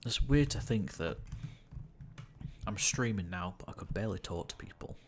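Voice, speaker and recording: A young man in his late teens, with a croaky voice, chatting casually and rambling through a gaming livestream. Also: on the low side, expressive, moderate pace, a little hiss or hum. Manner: rambling and chatty, with frequent fillers and swearing.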